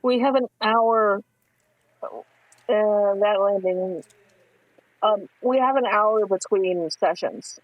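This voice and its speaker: High-voiced man giving informative commentary. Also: slow pace, pauses often, no echo, phone-quality sound. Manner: informative, steady, with fillers. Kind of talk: casual live-stream commentary.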